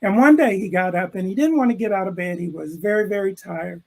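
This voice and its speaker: An older man, an educator, telling a classroom story with animated delivery and acting out the characters' lines over a video call. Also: sits high, brisk, gravelly, low-quality recording. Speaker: interview guest, educator. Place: room with bookshelves.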